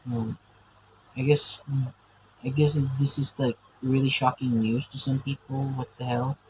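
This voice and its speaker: A man with a medium-pitched, slightly mellow voice chats unhurriedly in a level tone as he draws on camera, rambling and stammering between frequent laughs. The audio is poor, with slight background noise.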